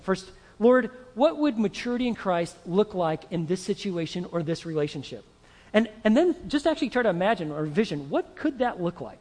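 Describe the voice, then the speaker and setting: Brief male pastor, high voice, lively storytelling sermon, reverberant hall. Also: slightly rough. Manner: animated storytelling, acting out voices.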